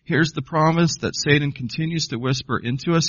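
A man's voice: fairly high pitch, normal speed, hardly any pauses, fairly bright tone, no echo. Emphatic male pastor, dull lo-fi sound. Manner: emphatic, quizzes the congregation with questions. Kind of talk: sermon.

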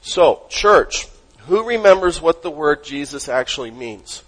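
A man preaching a sermon as pastor, emphatic, asking the congregation questions and dropping his voice low on key words. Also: expressive, measured pace, a bit bright, husky, poor audio.

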